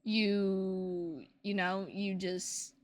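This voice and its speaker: A woman's voice: medium pitch, flat delivery, drawn-out words, no echo. A woman streaming and chatting casually with her viewers, playful and teasing, with plenty of swearing.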